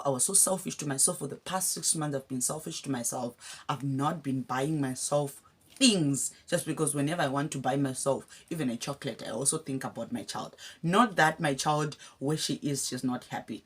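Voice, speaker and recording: A young woman from Zimbabwe speaks with a Zimbabwean accent, her voice low and a little husky. She talks to her viewers in a heartfelt, personal way. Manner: heartfelt, addresses viewers as guys. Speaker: vlogger. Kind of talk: casual emotional talk to camera.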